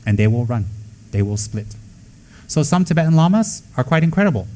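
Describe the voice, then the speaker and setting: A man's voice: a little high, sing-song, brisk, mellow. A man teaching as a Buddhist lama in an informal talk, emphatic and blunt, mixing jokes with rhetorical questions.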